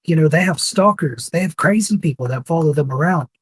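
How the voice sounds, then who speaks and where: A man's voice: on the high side, a little fast, slightly rough. A man doing a frightened pleading guard. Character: scared young man disguised, pleading.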